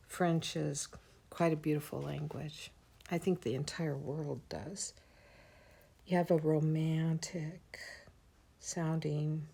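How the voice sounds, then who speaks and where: A woman leads a casual craft lesson on a livestream, pausing to greet viewers. Her voice is low and gravelly. She talks slowly and chattily as she works. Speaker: art teacher.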